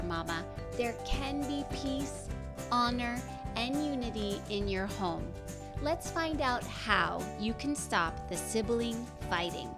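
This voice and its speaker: A woman hosting a podcast, speaking in an earnest, encouraging way straight to mothers. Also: a little high. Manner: slow, earnest and encouraging, addressing mothers directly. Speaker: podcast host. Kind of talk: scripted podcast talk.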